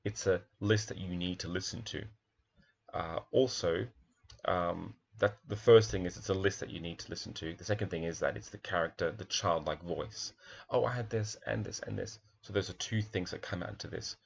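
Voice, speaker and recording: Low gravelly guy teaching, musing over a kids book page by page, kinda dull muffled sound. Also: steady tone, moderate pace. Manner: thoughtful, admiring, asks himself questions aloud. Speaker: primary school teacher. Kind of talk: picture book analysis, talking through pages.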